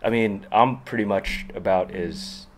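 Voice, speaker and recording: Brief: laid-back man, very low voice, rambling casual chat, faint noise behind. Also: unhurried. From Southern California. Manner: relaxed, rambling, laughs often. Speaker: guest artist. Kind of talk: casual chat while sketching.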